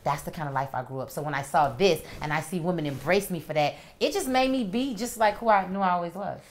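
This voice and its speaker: Low-voiced woman telling stories. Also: fast, slight background noise. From Miami, USA. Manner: animated storyteller, acts out quoted voices. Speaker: rapper, interview guest. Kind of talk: casual interview.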